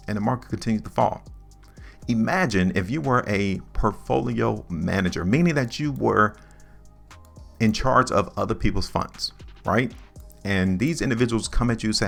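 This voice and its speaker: A man's voice: lowish voice, moderate pace, gravelly, faint music behind. A man hosting a stock market video, lecturing viewers over his charts with emphatic, repetitive talk. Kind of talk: chart analysis commentary.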